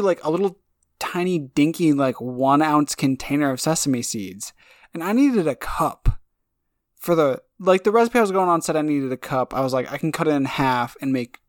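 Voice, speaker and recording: Recorded in a clean studio without echo, a podcast co-host with a fairly high-pitched voice chats informally. He rambles his way through stories, leaning heavily on fillers.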